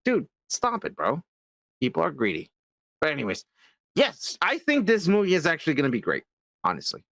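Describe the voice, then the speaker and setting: A man with a lively, swooping voice rambles on as he co-hosts a casual podcast, repeating himself and swearing freely. The recording is dry and close. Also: on the high side, brisk, gravelly, dry recording. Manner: rambling, repetitive, swears often. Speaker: podcast co-host. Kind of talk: casual profane nerd-news banter.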